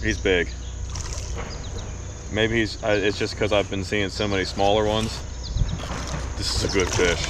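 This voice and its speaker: A man vlogging while fishing from a boat on a river, talking excitedly to himself and the fish. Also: lowish voice, measured pace, pauses often, noisy background. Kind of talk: casual narration while fishing.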